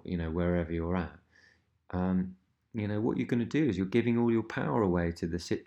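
A man's voice: low voice, darkish tone. A man hosting a self-help podcast, talking reflectively in an easygoing way with many fillers. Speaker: podcast host.

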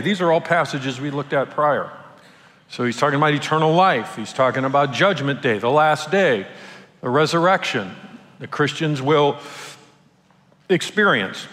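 A man's voice: a little high, lively intonation, normal speed, fairly bright tone. A man, a pastor, preaching a sermon in a casual, conversational way with playful asides. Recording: long hall reverb.

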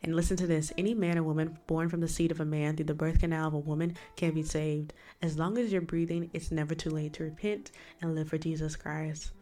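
A woman's voice: deep voice, flat delivery, a little fast, hardly any pauses, warm tone. A woman hosting her own faith podcast, talking in an emphatic, preaching way and answering the questions she asks. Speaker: podcast host. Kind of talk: solo faith podcast talk.

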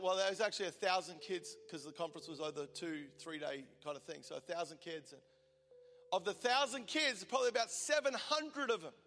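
A man in his forties preaching a sermon in a large church, shifting between fervent declarations and quiet, intimate appeals. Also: sits high. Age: 40s. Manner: impassioned, swinging from loud declaration to hushed intimacy. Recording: large hall reverb with soft music behind.

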